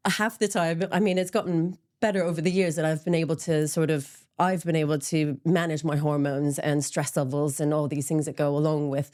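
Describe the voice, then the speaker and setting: Low-pitched middle-aged woman, frank and self-deprecating guest, loose conversational delivery. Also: steady tone, brisk, few pauses, darkish tone. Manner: open and candid, frequent ums, laughs at herself. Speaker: interview guest, menopause support group founder. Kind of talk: candid conversational interview.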